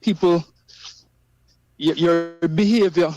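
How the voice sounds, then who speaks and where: A man speaking as a guest on a talk show, halting and repeating himself as he answers. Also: fairly high pitch, darkish tone, lo-fi sound.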